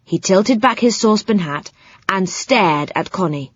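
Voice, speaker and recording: A woman reading a children's audiobook with a clear storytelling delivery. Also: medium pitch, expressive, a little slow, no room sound. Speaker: audiobook narrator. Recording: slightly muffled, dry sound.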